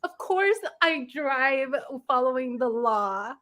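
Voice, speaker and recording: A chatty woman guest talks in an easygoing way, filling her sentences with "like" and laughing easily. Her voice is high and bright, and she speaks at an unhurried pace. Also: lively intonation. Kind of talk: casual chat.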